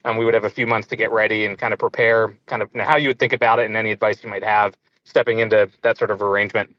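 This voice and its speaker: A man's voice: on the low side, little pitch movement, very fast, dry recording, muffled recording. A man in his thirties calling in with a question, hesitant with many ums and uhs. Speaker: caller.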